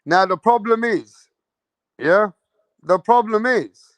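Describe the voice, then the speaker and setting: Brash, profane male livestream host, high voice, slow repetitive delivery, dry close sound. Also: animated, fairly bright tone, no room sound. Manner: repeats phrases, peppered with "bro". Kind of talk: casual live commentary to a chat.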